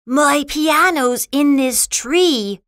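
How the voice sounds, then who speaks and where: A woman voicing an anxious young boy who cries out in distress, read slowly for learners. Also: high voice, a bit bright, pitched above the performer's own voice, exaggerated voice. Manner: distressed, crying out.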